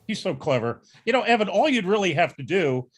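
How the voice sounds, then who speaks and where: A man's voice: high voice, sing-song, brisk. A man who used to teach at community colleges, making dry, sarcastic jabs in a casual chat.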